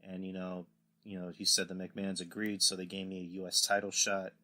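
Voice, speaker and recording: A man's voice: low voice, flat delivery, fairly quick, sharp tone. A man hosting a casual podcast, rambling through recaps and acting out quotes in put-on voices. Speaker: podcast host. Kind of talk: casual wrestling podcast chat.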